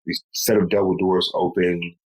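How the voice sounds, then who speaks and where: A man, a podcast guest, recounting a painful personal story in a slow, measured way. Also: low voice, level tone, rough recording. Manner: slow, measured telling with pleading quoted lines.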